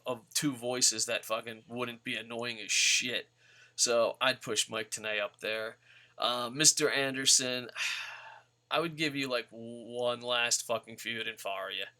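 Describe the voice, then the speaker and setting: A man's voice: medium pitch, fairly even intonation, measured pace, bright, forceful tone. A man ranting bluntly and profanely about wrestlers in a rambling vlog. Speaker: wrestling vlogger. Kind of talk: casual profane rant.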